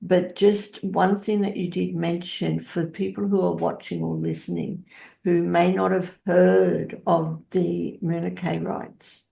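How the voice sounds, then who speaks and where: A woman's voice: on the low side, gravelly, dark tone, slight background noise. A woman hosting an interview, thanking her guest effusively and asking follow-up questions. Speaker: interview host.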